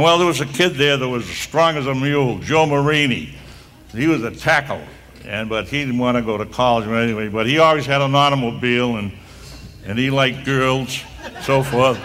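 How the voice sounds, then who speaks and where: A man's voice: medium pitch, moderate pace, a bit bright. An older man giving a rambling, anecdotal speech at a hall of fame induction, full of restarts and asides. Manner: rambling storyteller with frequent restarts.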